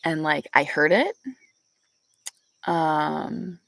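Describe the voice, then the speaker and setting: A woman's voice: low voice, drawn-out words, vocal fry, a bit bright, dry recording. A young woman, chatting casually with viewers and telling a story, laughing often, recorded on a back porch. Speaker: vlogger. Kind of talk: casual chat with live viewers.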